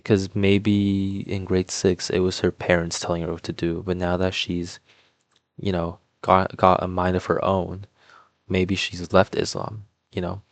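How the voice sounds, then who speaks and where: A man's voice: low voice, little pitch movement, a little slow, dry recording. A young man telling a personal story in a casual, rambling way, full of "like" and "um" fillers. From Toronto, Canada. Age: young adult. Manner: rambling, filler-heavy, lots of "like" and "um"; laid-back, mumbling asides while doing a puzzle. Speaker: vlogger.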